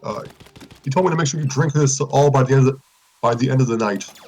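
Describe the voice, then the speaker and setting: A man's voice: mid-range voice, quick pace, a little mellow, close to an everyday voice. A man voicing a nervous middle-aged caveman friend who stumbles over his words.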